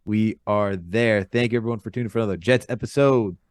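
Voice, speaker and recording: Young man, quick podcast host, dry close sound, upbeat promo reads. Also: lowish voice, dry recording. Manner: brisk, upbeat show announcements.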